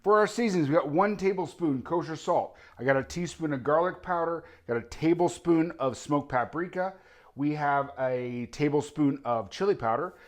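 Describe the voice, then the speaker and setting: A man's voice: a little high, normal speed. A man hosting a casual cooking demonstration, talking eagerly while he cooks and tastes the food. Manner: enthusiastic, talks while tasting and cooking. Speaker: cooking show host.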